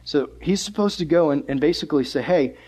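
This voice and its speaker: Brief: young male youth pastor, lively, chatty sermon, bright high voice. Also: fast. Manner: animated, conversational preaching.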